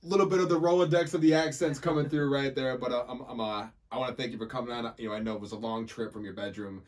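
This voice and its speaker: A man hosting a podcast in a relaxed, hesitant way. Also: medium pitch, fast talker, recorded from a distance. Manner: relaxed, hesitant, lots of fillers. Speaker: podcast host. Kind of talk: casual podcast chat.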